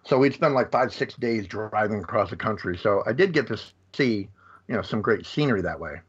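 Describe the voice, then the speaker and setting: A man from the United States chatting casually about movies on a podcast, retelling scenes in an animated way. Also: lowish voice, a little fast, husky. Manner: animated storyteller. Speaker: podcast guest. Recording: slightly dull lo-fi audio.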